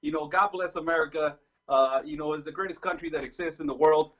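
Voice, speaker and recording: A man's voice: on the high side, fairly even intonation, fast talker, a bit bright. A man from Mexico, a guest correspondent speaking effusively and passionately, repeating himself. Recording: dull lo-fi call audio.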